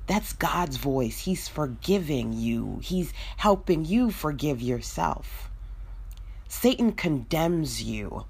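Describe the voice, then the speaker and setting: A woman hosting a motivational faith talk, speaking in a rhythmic, repetitive preaching cadence and acting out inner voices in quick bursts. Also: lowish voice. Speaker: podcast host.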